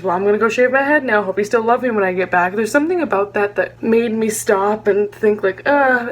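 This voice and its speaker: A woman's voice: medium pitch, slight background noise. A young woman with a Texan accent reacting to a book in a vlog, gushing and dramatic with lots of "like". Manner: gushing, fast, full of "like" and dramatic asides. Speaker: book vlogger.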